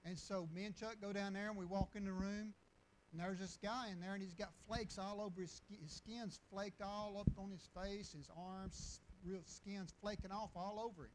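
A man preaching in a loose, storytelling style. His voice sits high for a man, and he circles back over his words with restarts and chuckles. A faint hum of ambience sits behind him. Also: steady tone, normal speed, poor audio. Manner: folksy, rambling with restarts and chuckles. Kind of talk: storytelling sermon.

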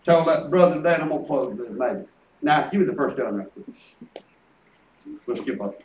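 A man's voice: on the high side, animated, moderate pace, slight background noise. An older man preaching a folksy sermon, telling family stories with chuckles and quoting his grandkids. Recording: echoey room picked up from a distance.

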